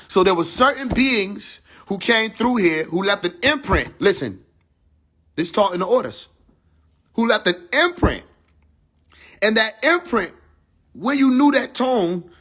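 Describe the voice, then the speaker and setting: A man teaching spiritual ideas on a live stream from his phone, casual and profane, firing rhetorical questions and dropping from emphatic high lines to low asides. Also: a bit bright, husky. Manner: casual speech with slang and profanity.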